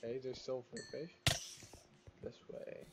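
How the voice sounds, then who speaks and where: Man commentating gameplay, slow unhurried speech, noisy recording, clicks behind. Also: mid-range voice, fairly even intonation, creaky. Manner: chatty, talks to the game's mobs, exclaims and laughs.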